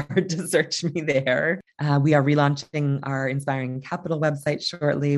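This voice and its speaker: A woman's voice: low voice, a little mellow. A woman guest on a podcast, talking in a thoughtful, casual way with fillers and restarts. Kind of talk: casual interview talk.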